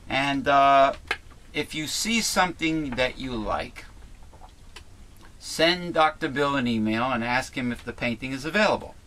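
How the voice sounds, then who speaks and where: A man's voice: mid-range voice, unhurried, pushed and bright. Male host, casual chat, rambling with lots of fillers, faint noise behind. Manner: rambling, chatty, many fillers and restarts. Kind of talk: casual talk show chat.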